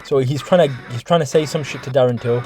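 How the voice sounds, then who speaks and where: A man talks straight to camera in a loose, profane reaction video. He keeps restarting his sentences and calling out to "guys", and his pitch sits at an ordinary middle range for a man. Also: quick pace, darkish tone, soft background music. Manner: heavy swearing, rambling with restarts, talks to viewers as guys. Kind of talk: casual reaction commentary.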